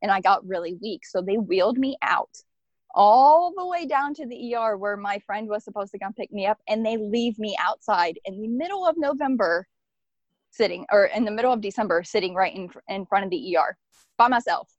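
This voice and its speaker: A woman's voice: mid-range voice, animated, brisk, dry recording. Earnest, rambling woman on a dull recording. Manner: earnest, rambling, frequent "like" fillers. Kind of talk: personal storytelling.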